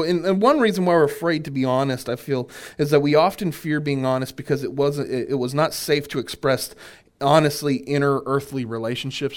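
Male minister, workshop teaching, somewhat high voice, chuckling, repeats himself. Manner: animated, chuckling, repeats key phrases. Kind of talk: conversational Bible teaching.

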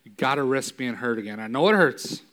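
A man delivers a sermon in a relaxed, conversational style, frequently asking "right?" and rising to loud, emphatic peaks. His mid-range voice is animated and fairly quick.

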